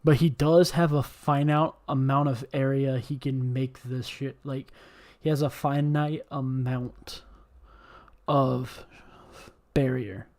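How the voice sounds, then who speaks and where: A man's voice: mid-range voice, flat delivery, takes it slowly, a little mellow. A man hosting a casual podcast chat, rambling with lots of fillers and swearing. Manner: rambling, heavy on fillers and profanity. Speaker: podcast host.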